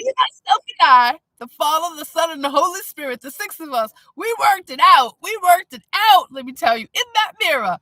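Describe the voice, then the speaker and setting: A woman chatting casually on a live stream, blunt and animated, often breaking into laughter. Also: sits high, dry recording. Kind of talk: casual chat.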